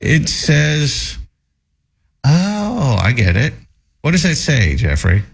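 A man's voice: slow pace, vocal fry, breathy edge. A man hosting a radio talk show, teasing his co-hosts and reading listener messages aloud. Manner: teasing, reads messages aloud with lively pitch.

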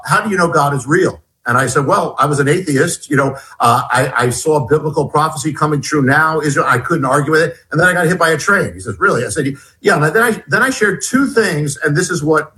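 A middle-aged man with a fairly high voice tells his story in an animated, halting way. He breaks off and restarts his sentences as he goes. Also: rough recording. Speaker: guest author. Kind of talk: storytelling in an interview.

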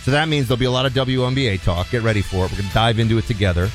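A man's voice: mid-range voice, very fast, soft background music. A man hosting a radio talk show, giving a rambling, opinionated monologue full of restarts and quoted asides.

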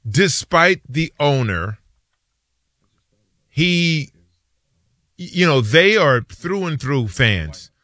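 A man co-hosting a sports talk show, telling stories in a casual, animated way and acting out what friends said. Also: a little high, drawn-out words, pauses often, no room sound, clean studio sound. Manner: animated storyteller, slips into quoted voices. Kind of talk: casual sports radio chat.

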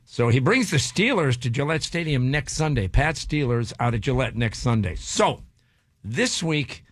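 A man's voice: mid-range voice, animated, moderate pace, a bit bright, no echo. A male radio host with a mid-range voice, chatting and joking in casual morning-show banter. He sounds close and dry into a studio microphone, with no room around him. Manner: jokey, playful asides.

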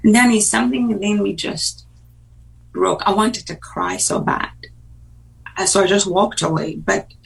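A woman giving an earnest personal testimony as a radio interview guest, dropping to hushed tones at tense moments. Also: mid-range voice, a little slow, creaky, long pauses. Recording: voice distant from the mic.

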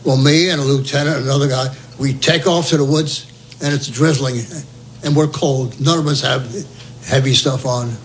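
A man's voice: mid-range voice, steady tone, normal speed, low-quality recording. Older man, oral history storyteller, humorous, acts out dialogue, faint hiss behind. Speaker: veteran telling a war story.

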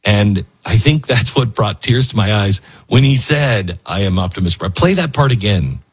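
Earnest guy hosting a talk show, bit husky, voice jumps around a ton. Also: lowish voice, animated, measured pace. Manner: earnest, heartfelt, wandering. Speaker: radio show host. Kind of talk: emotional talk radio monologue.

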